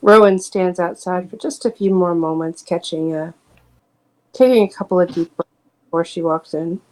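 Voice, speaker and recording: A woman playing a character in a tabletop game, speaking in a quiet, tentative way. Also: on the low side, moderate pace, rough recording. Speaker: player.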